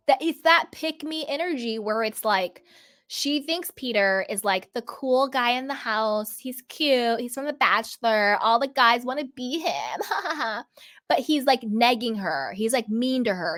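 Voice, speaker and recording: A woman host giving sassy, casual commentary on a reality show, often acting out what people say. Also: fairly high pitch. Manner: sassy, animated, mimics people in quotes.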